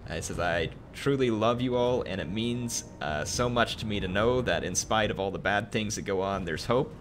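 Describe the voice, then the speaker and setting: A young man with a lowish, bright, forward voice reads a viewer's heartfelt message on his stream. He talks haltingly, with many ums and uhs, earnest and grateful throughout. A faint hiss sits under the voice. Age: young adult. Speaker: gaming streamer.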